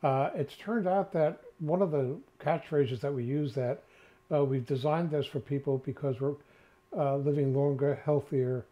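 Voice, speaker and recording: A man's voice: fairly high pitch, normal speed, mellow. An older man with a New York accent, co-hosting a casual chat, rambling with many filler sounds. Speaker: co-host. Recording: dull lo-fi sound.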